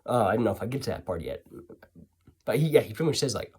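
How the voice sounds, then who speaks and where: A man tells a story in a loose, rambling style, full of sarcastic asides and self-corrections. His pitch swings widely as he talks. He sounds offhand and unscripted. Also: lively intonation, fast talker, slightly rough. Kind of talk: casual storytelling.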